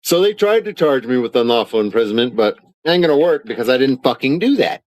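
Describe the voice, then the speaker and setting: A man with a fast, lively, slightly mellow medium-pitched voice is heard in a rough, dry recording. He's live-streaming from his home studio, indignantly denying claims while swearing often and reading arrest documents aloud as part of an angry rant.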